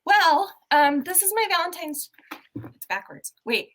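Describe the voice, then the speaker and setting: A woman hosting a casual podcast chat, animated and exclamatory. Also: extremely high pitch, measured pace. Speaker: podcast host.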